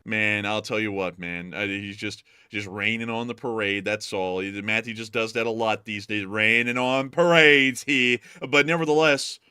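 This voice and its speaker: Bright-voiced Southern man joking around. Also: fairly low pitch, fairly even intonation, moderate pace, few pauses, clean tone, dry recording, studio quality. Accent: Southern American. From American South. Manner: jokey, laughs often, puts on loud voices for bits. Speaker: co-host. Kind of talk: casual joking chat.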